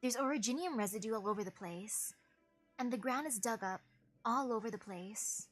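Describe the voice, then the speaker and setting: A woman's voice: a little high, moderate pace, faint music behind. A woman streamer reading a game's story aloud and musing casually about it.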